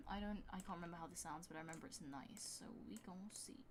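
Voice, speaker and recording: A woman's voice: on the low side, fairly even intonation, quick pace, few pauses, slight background noise. A woman chatting casually on a live stream while making music, rambling with lots of fillers and reading out chat. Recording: music playing behind the voice.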